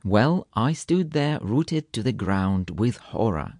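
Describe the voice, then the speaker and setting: A man's voice: fairly low pitch, very animated, slow, a little mellow, no echo, clean studio sound, heavily acted. A man voicing a proud, touchy male kitten who spins a tall tale with fanciful, indignant flair. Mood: teasing, indignant.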